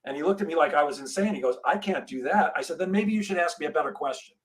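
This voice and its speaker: A middle-aged man tells a story with energy and acts out each voice. His pitch sits a little high for a man. He is a sales trainer talking as a guest on a podcast. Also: racing, low-quality recording. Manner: animated storyteller, acts out dialogue.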